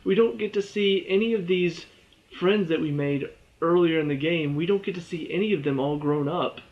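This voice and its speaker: Male game reviewer, a bit high-pitched, exasperated casual rambler, muffled recording. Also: moderate pace, a little mellow. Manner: rambling, exasperated, with many "you know" and "all of a sudden".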